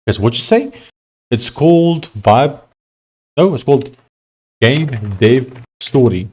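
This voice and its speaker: A young man live-streaming his coding work, thinking aloud and reading out chat in a loose, halting way with many fillers. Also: mid-range voice, expressive, a little mellow, lo-fi sound. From South Africa. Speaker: live-streaming software developer.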